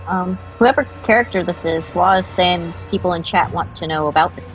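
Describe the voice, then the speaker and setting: Low-key, lower-voiced woman. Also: a little fast, dull audio, soft background music. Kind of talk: casual chat.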